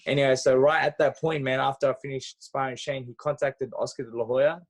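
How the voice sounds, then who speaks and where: A man, a podcast guest telling stories in a lively, casual way, full of fillers and restarts. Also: medium pitch, brisk. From Australia. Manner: animated storyteller, acts out dialogue, frequent fillers and restarts. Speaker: podcast guest, former boxer. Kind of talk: casual interview storytelling.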